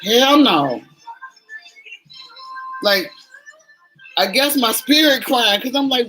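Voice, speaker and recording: A woman's voice: fairly high pitch, lively intonation, slow pace, pauses often, sharp tone, faint music behind, rough recording. A woman in her forties, a vlogger chatting candidly and emotionally to her viewers while doing her makeup.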